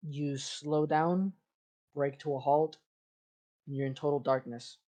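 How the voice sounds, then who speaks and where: Slow, unhurried game master narrating. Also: mid-range voice, steady tone, dark tone. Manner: descriptive, with frequent fillers and restarts. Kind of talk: improvised tabletop narration.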